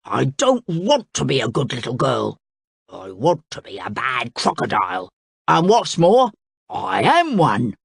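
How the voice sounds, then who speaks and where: A rude, snapping crocodile from a storybook, voiced by a woman reading aloud. His voice drops low and growls with stubborn defiance. It sounds close and dry. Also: wildly swooping pitch, unhurried, creaky, slightly rough, dry recording, heavily acted. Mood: defiant. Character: rude male crocodile posing as a princess.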